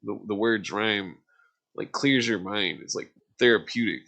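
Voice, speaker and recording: A man's voice: on the low side, unhurried, fairly bright tone. A laid-back man hosting a casual podcast, rambling and chuckling along.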